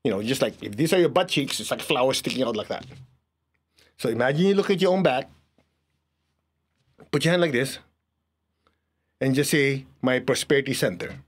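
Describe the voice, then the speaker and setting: A man's voice: mid-range voice, animated, normal speed, pauses often, breathy edge. A man teaching an energy healing class, leading a live audience through a guided exercise. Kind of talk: guided group lesson.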